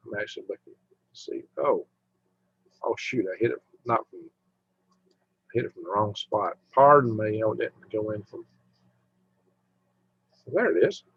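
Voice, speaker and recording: A man's voice: medium pitch, lively intonation, unhurried, pauses often, a bit bright, slightly rough. A man hosting a casual live stream, rambling as he chats with viewers and humming to himself. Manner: rambling, chatty, hums to himself while browsing. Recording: dull lo-fi mic sound.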